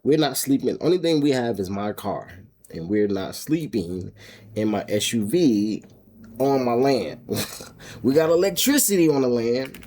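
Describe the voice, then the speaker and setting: A man with a husky, mellow voice tells a personal story straight to his viewers. He rambles, restarts his sentences and breaks into laughs, getting more emotional as he goes. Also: mid-range voice, animated, unhurried. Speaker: homestead vlogger. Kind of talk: casual storytelling to camera.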